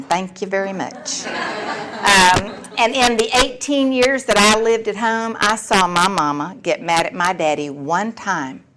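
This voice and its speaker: A woman's voice: lowish voice, a bit bright, rough recording. A woman, giving a candid personal recovery share with a wry, storytelling manner. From Texas. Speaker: recovery meeting speaker.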